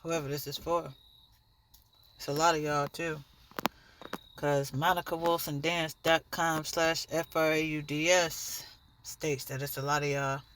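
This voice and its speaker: A woman's voice: low-pitched, little pitch movement, unhurried, fairly bright tone, a little hiss or hum. A woman giving a blunt, profane, preachy monologue straight to the camera in her own vlog. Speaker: dancer and vlogger.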